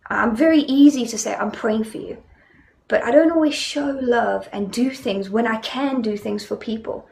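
A woman's voice: fairly high pitch, moderate pace, creaky, a little mellow. A young woman with a South African accent preaching a sermon in a conversational, storytelling way, with many fillers.

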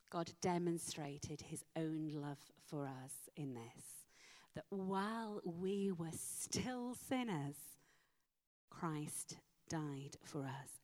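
Slow, low-voiced woman preaching. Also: a little mellow. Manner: slow, emphatic, with dramatic pauses. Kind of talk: sermon. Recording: long hall reverb.

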